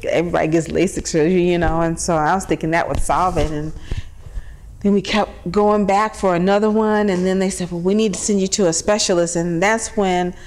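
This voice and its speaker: A woman's voice: lowish voice, steady tone, brisk, a little mellow, a little hiss or hum. A woman, mother of a young patient, telling her story in a casual, chatty way with many fillers and quoted dialogue. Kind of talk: casual personal account.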